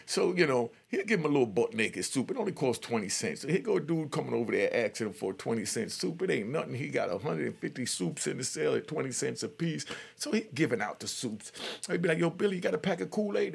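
A man's voice: medium pitch, very animated, a little fast. An older man telling a true story in a casual, streetwise way, often checking in with "you know what I mean". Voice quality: gravelly.

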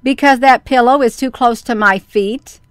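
A woman's voice: fairly high pitch, moderate pace, smooth, dry recording, studio quality, pitched above the performer's own voice, natural voice. A woman voicing a whining, stubborn wooden puppet boy in a storybook reading. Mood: wailing. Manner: whining, wailing protests.

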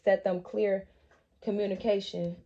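A woman giving a spiritual tarot reading, speaking emphatically and straight to her viewers, stretching out key words between quicker asides. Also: medium pitch, flat delivery, dull audio, noisy background. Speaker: tarot reader.

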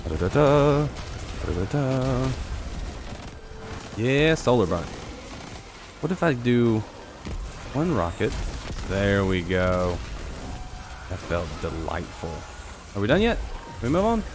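A man giving casual live commentary on his own gameplay, talking to himself and his viewers and jumping into high excited yelps. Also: unhurried, pauses often, over music. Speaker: game streamer.

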